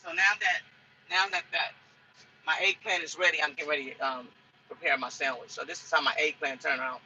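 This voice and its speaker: A woman's voice: sits low, steady tone, fairly quick, bright, forceful tone, a little hiss or hum, poor audio. A woman truck driver chatting in a casual cooking vlog from inside her truck cab. She rambles and repeats herself as she talks.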